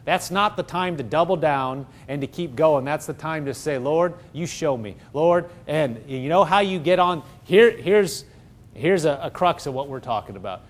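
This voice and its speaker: A man preaching a sermon, swinging from loud, excited exclaiming to low, hushed tones. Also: moderate pace.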